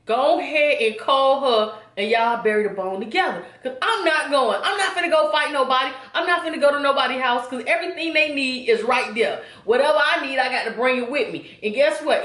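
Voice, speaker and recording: A woman in her forties telling a story to her viewers in a chatty, animated way, often checking in with them. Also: high-pitched, a little fast, hardly any pauses, echoey room. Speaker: vlogger. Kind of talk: casual storytime.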